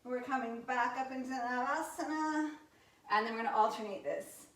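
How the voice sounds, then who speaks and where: A woman in her thirties, a yoga instructor, giving gentle movement and breathing cues in a live class with chatty, candid asides. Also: on the high side, normal speed. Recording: roomy sound from a distance from the mic.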